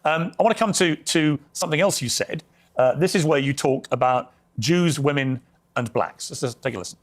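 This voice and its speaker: A man's voice: a little high, normal speed. A man interviewing a guest on a broadcast, pressing him with probing follow-up questions. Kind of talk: televised interview.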